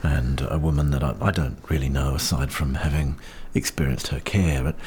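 Very deep-voiced earnest New Zealand man. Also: steady tone, moderate pace, a little mellow. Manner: earnest, encouraging, heartfelt. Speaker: podcast host sharing personal experience. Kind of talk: reflective personal monologue. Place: outdoors in wind. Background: faint wind.

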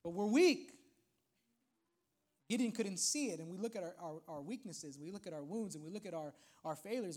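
A man's voice: high voice, animated, moderate pace, darkish tone. A male pastor preaching a sermon in a conversational way, with frequent asides to the congregation.

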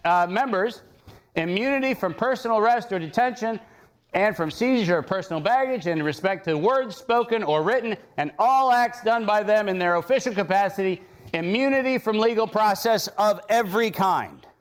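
Man, high-pitched voice, sarcastic, emphatic, impassioned lecture with slides. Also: expressive, moderate pace. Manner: sarcastic, emphatic, builds to outraged points. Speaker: speaker giving a talk.

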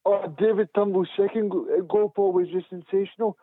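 Excited male caller on a tinny phone line. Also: high-pitched, a little fast, dry recording. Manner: enthusiastic, stumbles over words. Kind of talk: phone-in call. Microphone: telephone.

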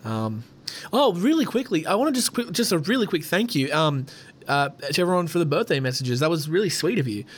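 A man's voice: on the high side, very animated, a little fast. A man hosting a podcast in a loose, rambling way, chatting and swearing freely. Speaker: podcast host. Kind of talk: casual podcast chat.

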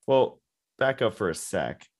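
Podcast co-host, man, very low voice, hesitant and musing. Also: sing-song, a little slow. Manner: musing, hesitant, full of fillers. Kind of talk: casual book-discussion chat.

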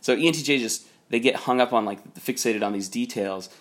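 A man's voice: medium pitch, a little fast, fairly bright tone. A man casually telling a long personal story about his boss, rambling with many fillers. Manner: rambling, many "like" fillers, quotes people in raised voice. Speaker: storyteller recounting a work conflict.

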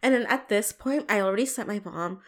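A woman's voice: mid-range voice, brisk. A young woman telling a story in casual chat, swearing, laughing often and acting out what she said at the time. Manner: animated, swears a lot, laughs often, acts out her own past lines.

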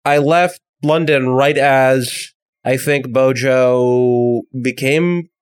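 An American man trading loose, rambling banter on a podcast. His voice sits at an ordinary middle pitch, and the sound is close and dry, with no room around it. He swears casually and pokes fun at himself. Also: fairly even intonation, very slow, smooth, dry recording. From United States. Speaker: podcast co-host. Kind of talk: casual comedic chat.

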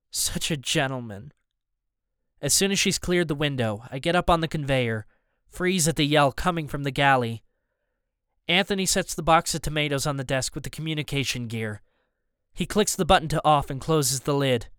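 Brief: male audiobook narrator, first person, tense and steady, smooth tone. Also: fairly high pitch, no echo, studio quality.

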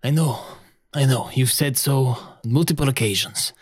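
A man plays a tabletop game and talks in a relaxed, easy way. His voice sits in a middle range and sounds close and dry. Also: medium pitch, normal speed, slightly rough, no echo. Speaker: player. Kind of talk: tabletop role-play.

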